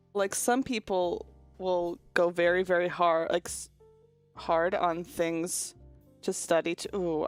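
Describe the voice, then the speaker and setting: A woman's voice: on the low side, vocal fry. A young woman casually chatting on a stream, explaining pronunciation through demonstrations and swearing freely. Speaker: virtual streamer. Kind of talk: casual chat stream about linguistics.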